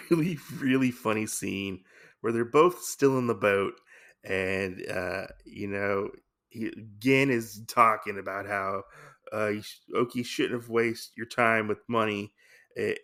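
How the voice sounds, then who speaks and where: A man's voice: lowish voice, takes it slowly, fairly bright tone. A man hosting a podcast, casually retelling a comic book story in a rambling way, full of filler words. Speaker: podcast host.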